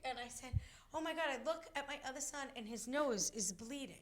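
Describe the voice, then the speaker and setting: Lively high-voiced woman telling a story. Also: a little fast. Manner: animated storytelling, acts out voices. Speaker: talk show co-host. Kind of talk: casual chat.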